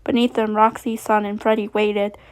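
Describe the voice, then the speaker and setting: A woman reading a fan fiction story aloud, steady, with frequent slips and restarts. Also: mid-range voice, normal speed.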